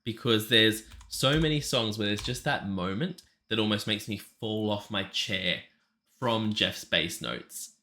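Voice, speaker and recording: A man's voice: fairly low pitch, a little slow, pushed and bright, a little hiss or hum. A man hosting a music reaction video, talking casually and gushing with enthusiasm. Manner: gushing, enthusiastic, chatty with fillers.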